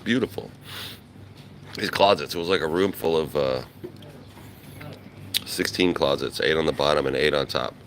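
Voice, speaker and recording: A man vlogging live outdoors in the early morning, rambling casually and greeting viewers, his voice rough from just waking up. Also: rumbling low, moderate pace, long pauses, fairly bright tone, a little hiss or hum. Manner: rambling, laid-back, greets chat viewers by name. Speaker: travel vlogger. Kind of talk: casual live-stream chat. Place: outdoors in a quiet beach town in the early morning. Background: faint outdoor ambience.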